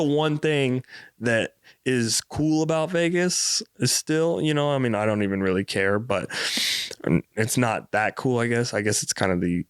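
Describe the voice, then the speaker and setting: A man's voice: medium pitch, fairly even intonation, normal speed, clear, resonant tone, no echo. Podcast host, young man, casual and profane storyteller, resonant dry voice. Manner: rambling, profane, with lots of fillers.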